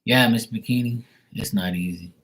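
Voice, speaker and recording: Ranting, cursing man with a lowish voice. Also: moderate pace, fairly bright tone, husky, rough recording. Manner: irritated, profane, ranting. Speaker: livestream tarot reader. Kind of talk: casual livestream rant.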